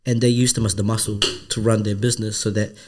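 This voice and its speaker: A man's voice: fairly low pitch, fast talker, background noise. A man, a comedian and podcast co-host, telling a story in casual chat and acting out the other people's voices. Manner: animated storyteller who acts out the voices of others.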